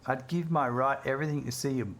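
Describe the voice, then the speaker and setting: A man's voice: medium pitch, steady tone, fast talker, a bit bright, slight background noise. Chatty man streaming a game. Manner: chatty, laughs easily, reads chat aloud. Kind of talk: casual gameplay chat with viewers.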